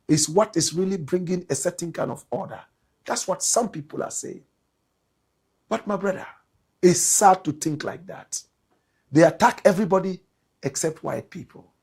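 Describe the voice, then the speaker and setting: A man from Ghana hosts a political commentary with a husky, slightly raised voice. He talks emphatically, driving his points home and repeating key phrases. His tone is that of a committed commentator addressing his audience. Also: sits high. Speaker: commentator and show host.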